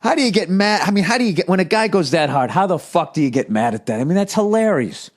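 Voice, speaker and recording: A man's voice: sits high, animated, fast. A man in his forties with an American accent, riffing profanely through a comedic podcast monologue and reading aloud with mock outrage. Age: 40s. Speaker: podcast host.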